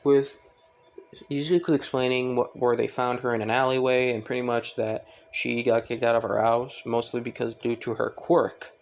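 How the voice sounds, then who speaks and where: A man's voice: mid-range voice, flat delivery, moderate pace. A man casually narrating a fan story, rambling with many fillers and self-corrections.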